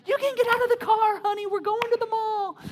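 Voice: fairly even intonation, a little fast. A preacher putting on a cooing, doting mom. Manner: high sing-song baby talk. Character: doting mother cooing at her child.

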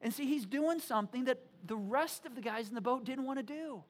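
A woman preaching a sermon, retelling stories in a lively, conversational way with frequent restarts. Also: sits high, a little fast. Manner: animated, conversational storytelling with many restarts.

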